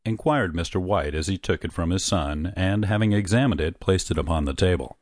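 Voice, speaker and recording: Reading from a script, a deep-voiced male audiobook narrator delivers a classic short story with even, controlled pacing. There's no echo or room ambience; the sound is close and dry.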